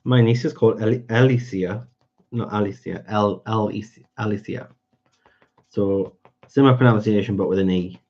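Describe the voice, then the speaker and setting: Male stream host, casual chat with viewers, slightly low voice, dull lo-fi audio. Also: fairly even intonation, normal speed, darkish tone. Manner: chatty, answers viewers by name. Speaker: livestream host. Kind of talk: casual livestream chat while colouring.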